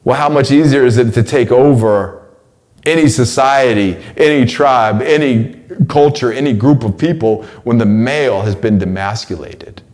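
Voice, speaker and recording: A man in his forties giving a casual spoken monologue, slangy and stumbling over repeated words, his voice climbing when he gets excited. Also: medium pitch, normal speed. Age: 40s. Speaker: host delivering a weekly message.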